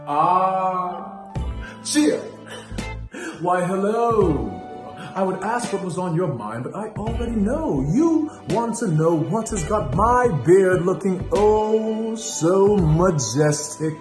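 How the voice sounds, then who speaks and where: A man delivers an advertisement in a slow, seductive, drawn-out voice. His words come smooth and unhurried. The recording is echoey, with loud music playing underneath. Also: high-pitched, very animated. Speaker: ad voice-over.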